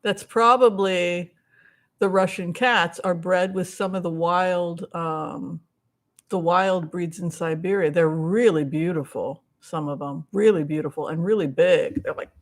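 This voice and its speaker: A woman's voice: on the low side, unhurried. Rambling woman hosting a live chat. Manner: rambling, chatty, thinks aloud with many asides; reads out and answers viewer questions and thanks donors. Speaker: tarot reader hosting a members' live stream. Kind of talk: casual live-stream chat.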